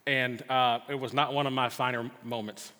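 A man's voice: mid-range voice, level tone, normal speed, bright, forceful tone. A middle-aged man preaching a sermon in a church, telling a personal story in an earnest way with frequent stammered restarts. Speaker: pastor. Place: church sanctuary. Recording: long hall reverb.

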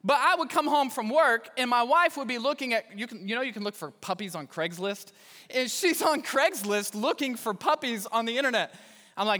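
High bright-voiced male pastor preaching. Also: animated, moderate pace. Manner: storytelling with self-deprecating humor. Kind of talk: sermon. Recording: reverberant hall.

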